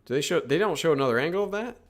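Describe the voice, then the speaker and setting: A young man casually breaking down football film live, reacting with quick exclamations as plays unfold. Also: fairly high pitch, animated. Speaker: podcast co-host.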